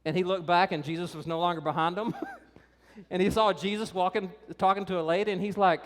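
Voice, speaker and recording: A pastor preaching a sermon in a conversational, animated way, talking directly to the kids and teenagers in the congregation. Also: male voice, high voice, brisk. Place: church. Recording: reverberant church hall.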